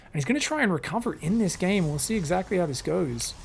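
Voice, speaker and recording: Young male solo caster calling a pro match; raised pitch, gravelly edge, loose and profane. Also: fast, a little hiss or hum. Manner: animated, swears freely, drifts into rambling stories. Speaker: esports caster. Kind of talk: solo live game commentary.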